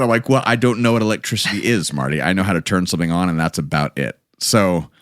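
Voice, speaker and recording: A man's voice: low-pitched, quick pace, few pauses, no room sound, clean studio sound. A man hosting a podcast from home in a chatty, joking way with rambling asides. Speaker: podcast host. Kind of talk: casual chat.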